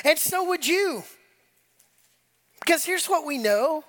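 Man, pastor, conversational sermon, animated, casual, acts out quotes. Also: extremely high pitch, unhurried, pauses often. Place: church sanctuary with congregation.

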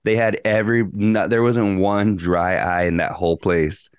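A man's voice: on the low side, steady tone, moderate pace, clear, resonant tone, no echo, clean studio sound. A man co-hosting a podcast, telling a story in a rambling, casual way with lots of swearing and slang. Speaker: podcast co-host. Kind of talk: casual chat.

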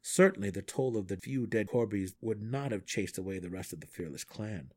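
A man reading a fantasy novel aloud in steady, measured storytelling. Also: on the low side, slightly rough. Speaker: audiobook reader. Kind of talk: fan audiobook narration.

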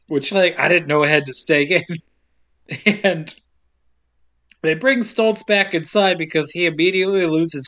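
A man casually recapping a film's plot for a podcast, with wry asides and frequent chuckles. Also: high-pitched. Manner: wry, deadpan storytelling with frequent laughs and silly asides. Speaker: podcast co-host recapping a film.

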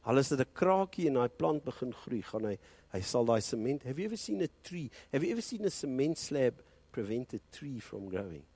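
A South African man preaches a fervent sermon, his husky voice swinging from loud, high peaks down to quiet, low passages. He slips between English and Afrikaans as he preaches, his pitch lively throughout. The sound is close and dry, with no room echo. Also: brisk. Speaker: pastor.

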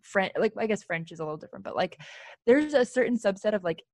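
A woman from California co-hosting a casual chat, talkative and quick to laugh, with many fillers. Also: medium pitch, lively intonation, darkish tone.

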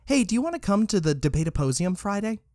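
A man voicing a bookish, probing young female cat in a story, with a light, higher-pitched questioning lilt. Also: sing-song, quick pace, darkish tone, dry recording, studio quality. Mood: brisk.

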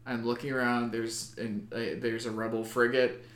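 A man in casual conversation, excitable and profane, talking with lots of fillers. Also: mid-range voice, normal speed, echoey room. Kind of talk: casual chat.

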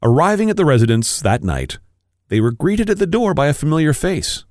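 A man, a podcast co-host, reading an erotic story aloud with expressive, varied delivery. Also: a little high, fairly quick, no room sound, studio quality.

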